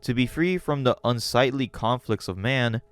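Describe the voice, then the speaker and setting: A man voicing a calm, scheming male serpent who guides a girl through a manor, with smooth, measured speech. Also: medium pitch, no echo, soft background music, lightly acted.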